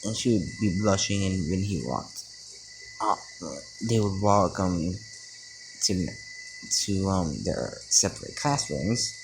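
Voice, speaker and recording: A tired man improvising a fan-fiction story, rambling with many ums and restarts, outdoors at night with loud crickets. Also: low voice, lively intonation, slow pace, pauses often, background noise. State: tired, yawning. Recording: crickets chirping loudly behind. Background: crickets and insects.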